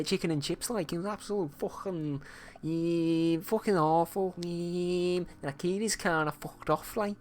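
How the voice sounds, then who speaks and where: A man's voice: high voice, pitched above the performer's own voice, lightly acted. A man voicing a rowdy young Liverpool lad who swears and rambles through a pub-brawl story, in a mock Liverpool accent.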